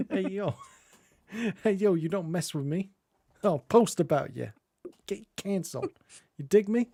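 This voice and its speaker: A man's voice: high voice, animated, a little slow, creaky, warm tone, pitched above the performer's own voice, heavily acted. A man putting on the voice of a brash, cocky young scout who talks tough and swaggers.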